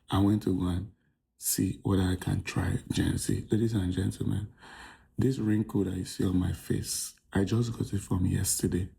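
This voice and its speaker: This young Nigerian man hosts a comedy podcast, telling a disastrous date story in an exasperated, audience-facing way. His voice sits low and dark with a gravelly fry, and his tone stays warm and mellow. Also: a little hiss or hum. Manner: exasperated, addresses audience as ladies and gentlemen. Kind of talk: comic storytelling monologue.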